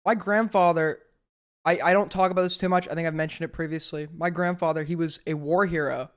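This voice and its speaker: A man hosting a live stream, telling jokes to his chat with slow, deadpan buildups and asking whether they landed. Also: a little high, clean tone. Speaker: streamer host. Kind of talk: casual stream joke-telling.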